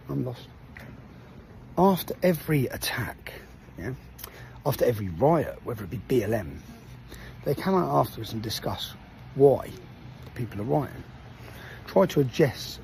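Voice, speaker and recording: A man's voice: medium pitch, vocal fry, a little mellow, slight background noise. A man giving a heated, emphatic message to the public, swearing and asking "yeah?" after his points. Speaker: activist addressing the public. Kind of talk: direct-to-camera video message.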